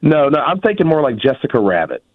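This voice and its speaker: A male caller with a mid-pitched voice speaks in a relaxed, plain-spoken way. The sound is dry. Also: quick pace, dry recording, narrow, tinny audio.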